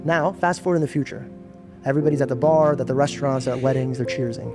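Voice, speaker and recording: A man's voice: medium pitch, fast, over music. A man on a podcast telling a story with conviction and acting out the lines of the people in it. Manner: animated storyteller who acts out quoted dialogue.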